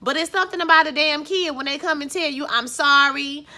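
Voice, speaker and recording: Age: adult. Sex: woman. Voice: very bright and crisp, a little higher than most women. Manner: chatty, emphatic recap talk aimed straight at the viewers. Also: fast talker. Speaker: TV recap vlogger; schoolteacher.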